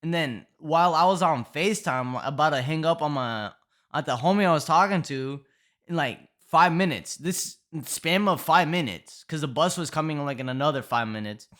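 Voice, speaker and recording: A man's voice: fairly high pitch, expressive, normal speed, fairly bright tone. Slang-heavy young man rambling a story. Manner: profane slang-heavy rambling with constant fillers. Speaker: vlogger telling a storytime. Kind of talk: casual storytelling.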